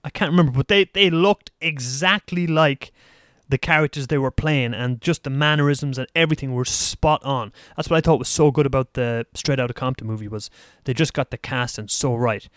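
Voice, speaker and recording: A man's voice: medium pitch, a little fast, a bit bright, no echo, studio quality. A man hosting a solo podcast, chatting casually and rambling about movies, laughing at himself now and then. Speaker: podcast host. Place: lives in Taiwan.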